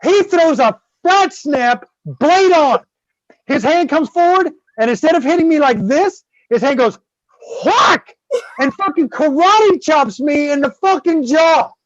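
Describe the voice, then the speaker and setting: Profane, animated man telling a story. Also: extremely high pitch, measured pace, no echo, lo-fi sound. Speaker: guest host. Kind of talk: casual storytelling.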